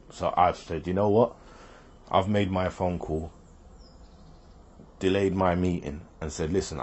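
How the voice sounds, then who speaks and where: Husky low-voiced man telling a story. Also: a little mellow. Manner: rambling, repeats himself, quotes others. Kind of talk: personal storytelling.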